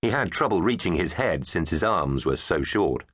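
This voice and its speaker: A man's voice: sits low, sing-song, moderate pace, fairly bright tone, breathy edge, dry recording. A man narrating a children's storybook in a playful, emphatic way. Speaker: audiobook narrator. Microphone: studio microphone. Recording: dry close studio sound.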